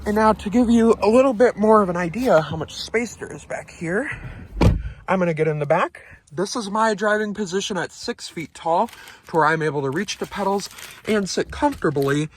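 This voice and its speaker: A man's voice: high-pitched, normal speed, a little hiss or hum. A man giving a casual, upbeat walkaround review of a car, pointing things out as he talks from inside the cabin.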